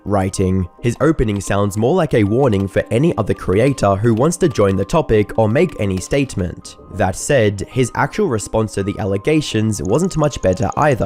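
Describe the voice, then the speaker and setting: A man reading scripted commentary narration in a measured, matter-of-fact way. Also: fairly low pitch, darkish tone. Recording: music bed underneath.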